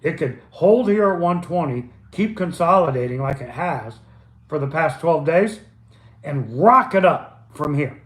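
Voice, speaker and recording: An older man with a fairly high voice riffs over stock charts on a live stream from home, relaxed and improvised, tripping over his words now and then. The room is echoey. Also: measured pace. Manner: loose, chatty, improvised, with stumbles and asides. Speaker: stock chart livestream host. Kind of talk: casual live chart commentary.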